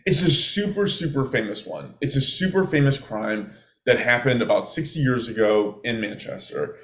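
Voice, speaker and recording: A man's voice: medium pitch, expressive, normal speed, a bit bright. Man co-hosting in a roomy room. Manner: chatty, joking, trails off and restarts. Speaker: podcast co-host. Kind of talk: casual chat, telling a true-crime story. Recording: roomy echo.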